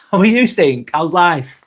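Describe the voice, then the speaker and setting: This is a high-pitched, animated man speaking unhurriedly, with slight background noise. He has a Lancashire accent from Northwest England and hosts a laid-back live stream, chatting with viewers and reading their comments, cursing freely and frequently restarting his sentences.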